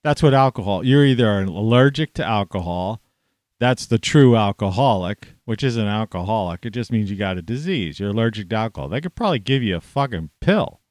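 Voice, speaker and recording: A man ranting to camera in a rambling, profane monologue, scornful and swearing constantly, with sudden loud outbursts. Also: on the low side, animated, fairly quick, no room sound, clean studio sound. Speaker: vlogger.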